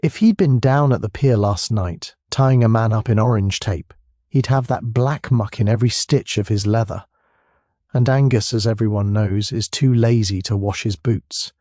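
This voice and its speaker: A man doing a sly, drawling Highland policeman. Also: normal speed, dry recording, clean studio sound, close to an everyday voice. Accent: Scottish Highland. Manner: soft, drawling, syrupy. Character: sly, mild-mannered Highland village policeman.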